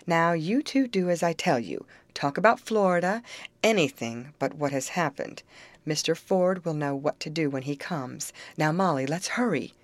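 A woman's voice: sits low, animated, moderate pace, dry recording. A woman reading as a firm, take-charge girl. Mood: commanding. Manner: firm and commanding. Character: young woman, a bold, take-charge leader.

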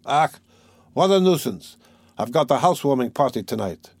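A man's voice: mid-range voice, expressive, darkish tone, husky, dry recording. A man doing a lazy, self-important young doctor. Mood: offhand. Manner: slow, offhand, hesitant with fillers.

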